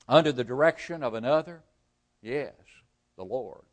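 A man preaching a sermon. He reads scripture aloud, explains it and asks the congregation rhetorical questions, rising loud for emphasis and dropping almost to a murmur. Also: mid-range voice, lively intonation, moderate pace. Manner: rises loud for emphasis, then drops to a near-murmur.

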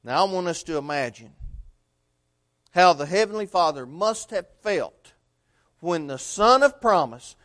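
A man preaching a sermon, telling a story earnestly and swinging between loud and hushed delivery. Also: high voice, animated, a little slow, pauses often.

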